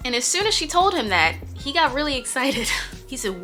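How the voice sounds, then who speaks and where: A young woman hosting a casual storytime, chatty and joking, with quick asides and laughs. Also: high voice, sing-song, pushed and bright, soft background music. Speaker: storytime host.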